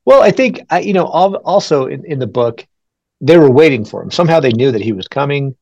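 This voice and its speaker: A man's voice: on the high side, expressive, brisk, gravelly, a little mellow, no echo, muffled recording. A man from New Mexico co-hosting a podcast in casual chat. He rambles and hedges, with frequent chuckles. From New Mexico, USA. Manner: rambling and hedging, chuckling often. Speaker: podcast co-host.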